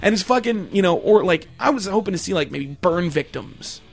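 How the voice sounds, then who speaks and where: A man's voice: sits high, expressive, a little fast, creaky, soft background music. A man hosting a comedy show, ranting in a crude, rambling way and swearing constantly. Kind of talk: profane comedic rant.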